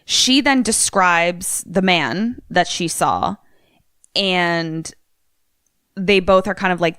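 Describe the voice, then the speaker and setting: A woman co-hosting a comedy podcast, recapping a horror film in a chatty, animated storytelling way. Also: fairly low pitch, takes it slowly, clean tone, dry recording, clean studio sound. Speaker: podcast co-host.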